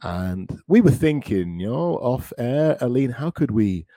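Lively-voiced man teaching English pronunciation. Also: mid-range voice, no echo, clean studio sound. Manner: encouraging, repeats words slowly for practice. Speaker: English teacher and podcast host. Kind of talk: podcast pronunciation lesson.

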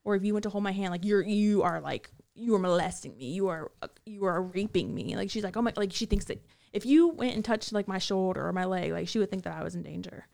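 A woman recounts her time in prison during a casual interview, her storytelling meandering with lots of fillers and restarts. She talks at a quick pace with medium pitch, a darkish tone, and noticeable vocal fry.

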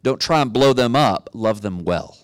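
A middle-aged man preaching a sermon, telling a story in a relaxed way and building to emphatic exhortation. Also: on the low side, normal speed, dry recording. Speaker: pastor.

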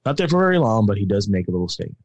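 A man's voice: lowish voice, sing-song, very fast, darkish tone, no echo, dull audio. A middle-aged man hosting a casual movie chat over a video call, upbeat and chatty, often correcting himself. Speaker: podcast host.

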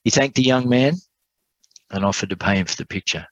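A man preaching, telling an illustration story in an earnest way and slowing down for emphasis. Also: lowish voice, dry recording, highs cut off. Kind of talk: sermon storytelling.

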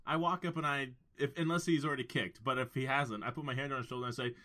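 A man playing a tabletop game, talking in relaxed, joking banter. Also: mid-range voice, quick pace, hardly any pauses. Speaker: player. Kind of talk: casual tabletop role-play.

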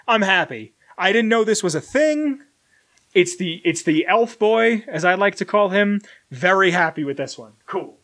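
A young man talking on a slightly high voice, rambling through an unboxing at home. He wanders off on tangents, jokes at his own expense, and now and then jumps sharply up in pitch when something excites him. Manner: rambling, self-deprecating, bursts of loud excitement. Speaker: collector unboxing merchandise. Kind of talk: casual unboxing vlog. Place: home room with collectibles shelf.

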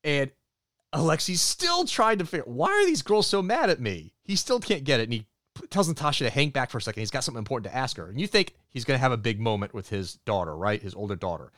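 A man co-hosting a podcast, recapping a film in an animated storytelling way. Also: medium pitch, fast talker, no room sound, studio quality. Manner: animated storytelling, acts out character quotes. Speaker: podcast co-host. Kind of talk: movie review recap.

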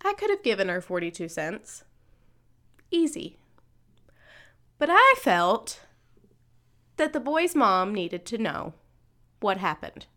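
A woman's voice: mid-range voice, sing-song, takes it slowly, pauses often, sharp tone. A woman in her thirties co-hosting a podcast, telling a personal story in casual chat and acting out the voices she quotes. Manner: conversational, acts out quoted voices. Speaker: podcast co-host.

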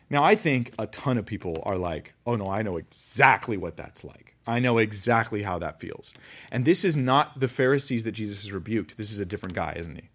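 A man preaching a conversational sermon, reading scripture aloud and commenting with animated asides. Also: mid-range voice. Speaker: pastor.

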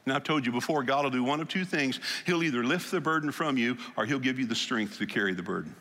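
A man preaching a sermon in a church, telling Bible stories in an animated way and acting out the quotes. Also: mid-range voice, quick pace, hardly any pauses, big-room sound. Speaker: pastor.

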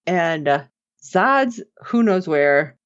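Animated woman recapping a show. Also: drawn-out words, dull audio. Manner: animated, acts out characters' lines with big pitch jumps. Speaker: podcast co-host recapping an episode. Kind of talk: casual chat.

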